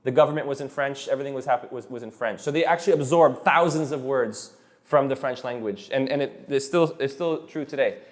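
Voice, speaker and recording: A man teaching a live class of students, relaxed and encouraging, who often repeats himself and restarts his sentences. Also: medium pitch, brisk. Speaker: Spanish teacher.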